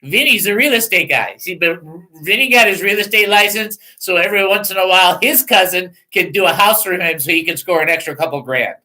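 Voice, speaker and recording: A middle-aged man hosting a casual talk radio show, joking and rambling in a self-mocking way and reading out phone numbers slowly. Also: high voice, pushed and bright, low-quality recording.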